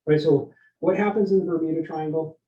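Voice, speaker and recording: A man giving a leadership workshop, energetic and interactive, often asking his listeners questions and tagging lines with "right?". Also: fairly high pitch, fairly quick. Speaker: leadership speaker. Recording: roomy, dull lo-fi sound.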